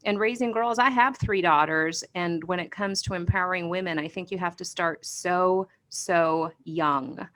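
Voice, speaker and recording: A woman guest on a podcast, talking in a bubbly, animated way that turns passionate and emphatic, and laughing easily. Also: lowish voice, moderate pace, hardly any pauses. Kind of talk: casual conversation.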